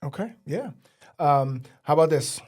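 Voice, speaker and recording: A man's voice: on the high side, expressive, a little slow, a little mellow, husky. A middle-aged man, a teacher and program director, hosting a casual interview with an upbeat, encouraging manner and many fillers.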